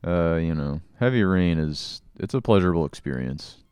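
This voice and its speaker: Deep-voiced young man, smooth and laid-back. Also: lively intonation, normal speed, darkish tone, no echo. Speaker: podcast host. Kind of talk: casual podcast chat.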